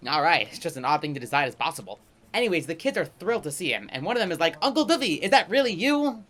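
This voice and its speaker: Fast, animated man doing a comedy sketch. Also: on the high side. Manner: rapid, animated back-and-forth between two characters. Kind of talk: comedic pitch-meeting sketch.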